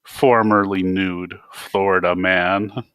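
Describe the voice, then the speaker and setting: A man's voice: on the high side, big pitch swings, a little slow, sharp tone, voice pushed up, heavily acted. A man reading a novel aloud, voicing a smug, cocky young male pop star in a raised, self-assured voice.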